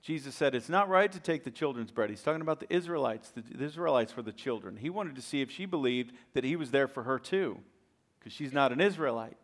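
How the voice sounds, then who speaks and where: A man preaching a sermon as a pastor, telling a story with animated, acted-out voices and repeated words when excited. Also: mid-range voice, fairly quick.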